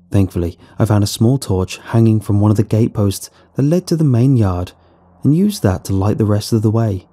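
Dark, husky male horror narrator. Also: fairly low pitch.

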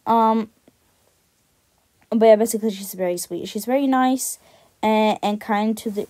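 A woman's voice: mid-range voice, fairly even intonation, unhurried, mellow. A woman on a video channel casually describing her drawn cat characters, rambling and self-deprecating, with many fillers and some casual swearing.

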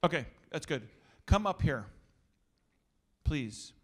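A middle-aged male pastor giving an energetic, joking talk to a youth gathering. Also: on the high side, slow.

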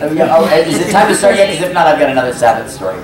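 A man's voice: fairly high pitch, expressive, very fast. Rambling man on a convention panel. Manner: rambling storyteller who acts out quotes. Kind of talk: casual anecdote telling. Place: large convention hall with audience. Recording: echoey hall, mic at distance, crowd noise. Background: audience murmur and room noise.

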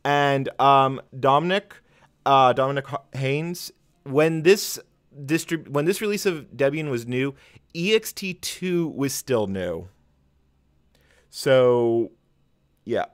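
A man's voice: medium pitch, lively intonation, slow pace, pauses often, clean tone. A man hosting a live tech stream, rambling through commentary with many fillers and self-deprecating chuckles.

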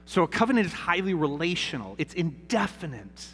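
A man's voice: on the high side, big pitch swings, a little fast, a bit bright, big-room sound, a little hiss or hum. A man in his thirties preaching a sermon in a church, talking casually and asking "right?" often. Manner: conversational, repeats "right?" often. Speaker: pastor. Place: church sanctuary.

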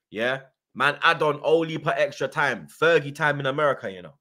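A man's voice: on the high side, lively intonation, a little fast, hardly any pauses, pushed and bright. A man hosting a live football watchalong, ranting angrily with heavy swearing, repeated taunts and tag questions. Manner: angry, swearing, repeating taunts and "yeah?" tags. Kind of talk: live fan watchalong rant.

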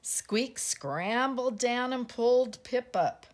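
Slow, expressive woman reading a bedtime story. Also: a little high. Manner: gentle, expressive, commenting on pictures. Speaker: teacher. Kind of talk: bedtime storybook read-aloud.

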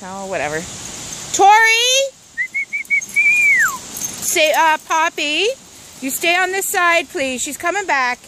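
A woman's voice: high voice, lively intonation, normal speed. A woman outdoors among leaves and trees, calling and coaxing her pets in a sing-song way. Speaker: dog owner. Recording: noisy outdoor recording.

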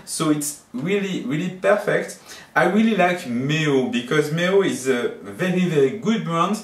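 French-accented man, slow and halting. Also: on the high side, lively intonation. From France. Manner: halting, searching for words, slightly shy. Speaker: vlogger. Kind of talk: casual product review vlog. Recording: roomy echo, mic at a distance.

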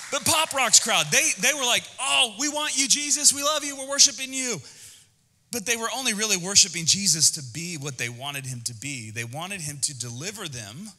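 A man preaching a sermon as pastor, animated and conversational, with jokes. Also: fairly high pitch, long reverb tail. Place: church auditorium.

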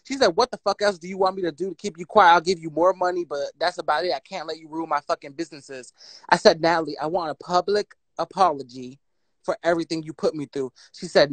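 A woman, telling her story on a phone livestream in a blunt, profane, animated way and reading out text messages. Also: deep voice, no room sound.

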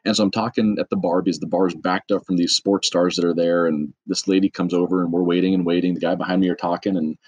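A middle-aged man, a business owner from the trades, chatting as a podcast guest in a loose, self-deprecating storytelling way with quick asides. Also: sits low, steady tone, a little mellow, dry recording, highs cut off. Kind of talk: casual storytelling.

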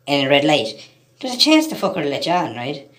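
An Irish man in full rant, swearing freely and hammering the same point again and again. His pitch leaps and drops all over the place as he talks straight to the lads watching. It is an animated, heated monologue. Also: fairly quick. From Ireland. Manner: heated, profane ranting, repeats himself, addresses listeners as lads. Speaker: vlogger. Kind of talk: ranting monologue to camera.

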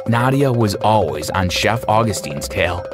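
Wry low-voiced male narrator. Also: expressive, a little slow. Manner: wry, sardonic. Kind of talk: scripted story narration. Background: faint music.

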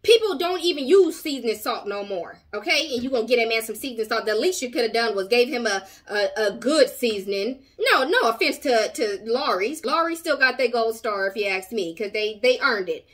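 Woman host doing reaction commentary, high bright voice, sassy. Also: fairly quick, hardly any pauses. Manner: animated, sassy, outspoken.

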